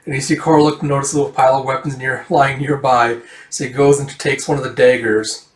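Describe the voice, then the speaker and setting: A man casually reads through a comic like a manga reader, rambling with fillers and acting out the dialogue. His medium-pitched voice is level and a little fast, recorded in an echoey room from a distant mic.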